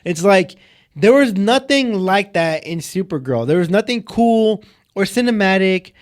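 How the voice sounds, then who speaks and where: Rambling heated young man, high voice. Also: lively intonation, measured pace. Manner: rambling, heavy filler words, heated. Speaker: podcast co-host. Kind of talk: casual film review chat.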